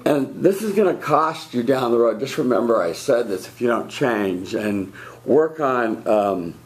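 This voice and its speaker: A man coaching debaters in a classroom, giving blunt feedback with lively emphasis. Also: mid-range voice, measured pace. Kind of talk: spoken critique in class.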